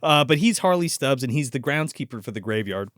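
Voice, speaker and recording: A man's voice: medium pitch, expressive, a little fast, a bit bright, dry recording, clean studio sound. A man co-hosting a casual movie podcast, laughing, swearing and acting out scenes in put-on voices. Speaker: podcast co-host.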